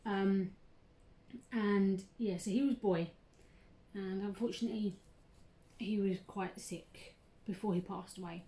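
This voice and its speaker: A woman's voice: mid-range voice, steady tone, measured pace, warm tone. A chatty, bubbly young woman who laughs a lot and says "um" often, hosting a casual crafting tutorial vlog. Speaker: craft channel host.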